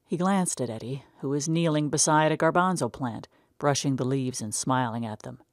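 A woman narrating a short story in a measured, unhurried way. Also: very deep voice, dry recording, clean studio sound.

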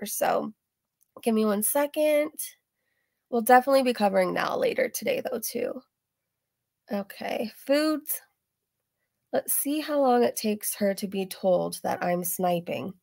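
A woman's voice: fairly high pitch, gravelly, no room sound, clean studio sound. A young woman hosting a live stream, chatting casually in an offhand, rambling way. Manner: offhand, dismissive, rambling with fillers. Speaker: commentary streamer host.

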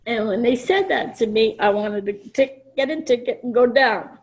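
An older woman from New York gives a personal testimony at a convention. She tells her story in a blunt, emphatic and animated way, and she acts out the lines of the people she quotes. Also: a little high, moderate pace, poor audio. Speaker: speaker at a recovery convention. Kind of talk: personal testimony to a live audience. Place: convention meeting room before an audience.

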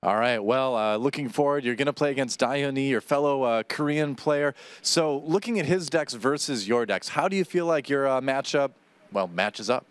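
Smooth-voiced male esports interviewer. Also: mid-range voice, moderate pace, dry recording. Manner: casual, upbeat. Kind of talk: post-match interview.

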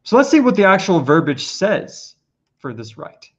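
An earnest man lays out his points on a casual podcast, pressing harder on each one. His voice sits a little high. The audio is dull and lo-fi. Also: very animated, normal speed, fairly bright tone. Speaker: podcast guest presenter. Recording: lo-fi muffled audio.

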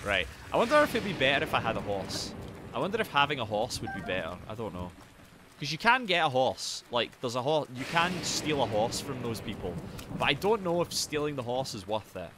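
A man streaming a game, chatting casually, excitable and swearing, breaking into shouts. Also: medium pitch, brisk, background noise. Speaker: gaming streamer.

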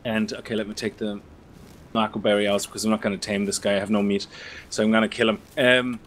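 A man hosting a let's play, chatting casually and explaining game mechanics in a relaxed way. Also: on the low side, fast, slight background noise. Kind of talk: casual gameplay chat.

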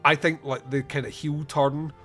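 A male podcast host with a slightly high voice talks through a film in loose, rambling chat. He swears freely, laughs often and keeps an animated, joking tone, with faint music behind him. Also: moderate pace. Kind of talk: casual film review chat.

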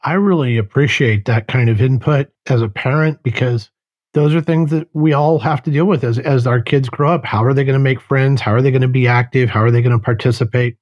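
Male podcast host, mid pitch, thoughtful and measured, slightly dull lo-fi audio. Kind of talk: podcast interview.

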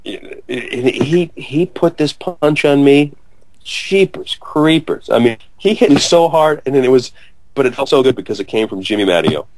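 A man in his forties being interviewed, telling an animated anecdote, acting out quotes loudly and laughing often. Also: medium pitch, normal speed, dry recording. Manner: excitable storyteller, acts out quotes loudly, laughs a lot. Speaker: actor interviewee.

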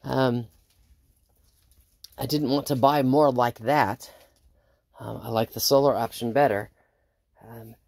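Woman homesteader, low voice, a little sick, relaxed rambling chat about her chores, dry close sound. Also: no echo. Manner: relaxed, rambling with many ums. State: sick, under the weather. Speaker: homestead vlogger. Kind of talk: casual chat while doing chores. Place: outdoors on a small farm.

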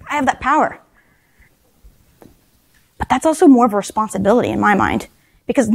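A woman in her thirties giving a leadership talk at a conference, speaking conversationally with lots of "right?" tag questions and dry self-deprecating humor. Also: medium pitch. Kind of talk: leadership talk to a live audience. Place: conference session room.

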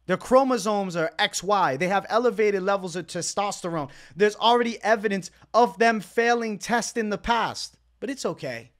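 A man's voice: sits high, moderate pace, few pauses. A man giving angry reaction commentary on a fight, ranting indignantly and repeating words for emphasis. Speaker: MMA commentator.

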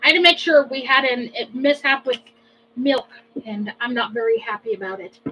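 A woman's voice: sits high, moderate pace, sharp tone, breathy edge, rough recording. A woman co-hosting a casual cooking vlog, chatting and tossing off dry, teasing wisecracks. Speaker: co-host. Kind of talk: casual chat.

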